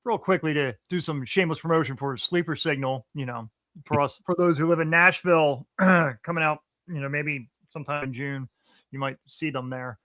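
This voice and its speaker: A man hosting a podcast over a video call, chatting casually, animated and swearing freely. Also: a little high, normal speed, dry recording, studio quality. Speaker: podcast host.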